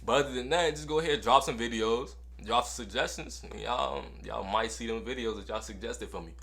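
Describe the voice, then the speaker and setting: A young man casually telling a story to camera in a slangy, animated way, repeating lines for effect. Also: medium pitch, fairly quick, creaky, a little hiss or hum. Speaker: storytime vlogger.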